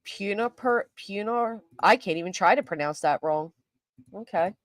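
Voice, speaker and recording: A woman's voice: medium pitch, moderate pace, no room sound. An older woman hosting a casual live-stream commentary, chatty and self-mocking, answering her chat as she goes. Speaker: YouTube commentary host.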